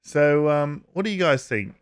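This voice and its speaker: A man giving casual vlog commentary, halting with frequent uhs and restarts and chuckling as he talks. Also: on the high side, expressive, clear, resonant tone. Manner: chuckles while talking. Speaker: YouTube commentator.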